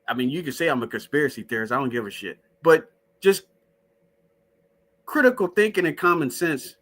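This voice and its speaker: A high-voiced man hosting a loose live stream. He swears freely, doubts what he is shown, and keeps turning to his chat with a profane, skeptical edge. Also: fairly bright tone. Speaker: show host. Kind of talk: casual live-stream talk.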